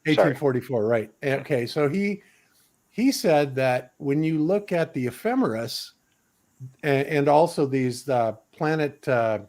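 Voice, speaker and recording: A man's voice: a little high, animated, measured pace, a little mellow. A man hosting a casual panel discussion, thinking aloud as he pulls up material to show. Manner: loose, thinking aloud while sharing his screen. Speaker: host.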